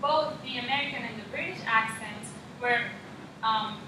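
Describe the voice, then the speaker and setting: A woman's voice: a little high, moderate pace. A young woman, a student, practicing a class presentation and methodically reading out figures and lists. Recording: echoey room, mic far off, background noise.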